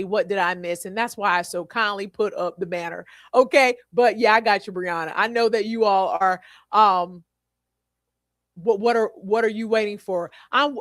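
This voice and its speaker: A woman hosts a live podcast in a lively, talkative way and addresses her listeners directly. Her voice sits somewhat high. The sound is dry and close, with no room echo. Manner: animated, chatty, repeats herself, talks to listeners by name. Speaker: podcast host. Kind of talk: live podcast chat reading viewer comments.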